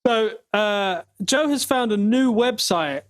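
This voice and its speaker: A high-voiced man chatting and laughing through a podcast. Talks in a loose, rambling way, stumbling over his own explanations, with a bright, lifted pitch for a man. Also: lively intonation, slow. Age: 30s. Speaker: podcast host. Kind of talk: casual chat.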